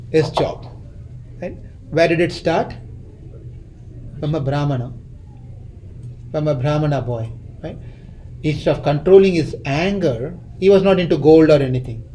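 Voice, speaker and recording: A man's voice: a little high, dark tone, a little hiss or hum, rough recording. A man teaching a scripture class, retelling a story, often repeating or restarting phrases and quizzing his listeners.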